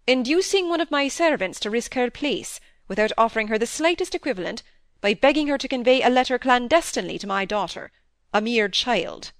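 A woman's voice: fairly high pitch, expressive, a little fast, dry recording, voice pushed up. Wry middle-aged country doctor in a storybook, sternly lecturing, dry close sound, read by a woman.

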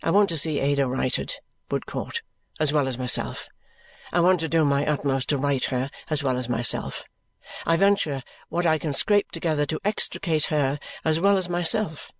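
A man's voice: on the high side, moderate pace, dry recording, clean studio sound, close to an everyday voice. A man voicing an earnest, troubled young man in an audiobook, pleading and sincere. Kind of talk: audiobook character reading.

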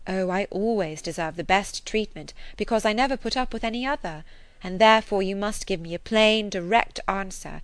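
A woman's voice: medium pitch, normal speed, no room sound, natural voice. Woman reading as witty young lady, teasing, dry close mic, audiobook. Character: spirited young lady, witty and self-assured. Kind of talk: audiobook character voice.

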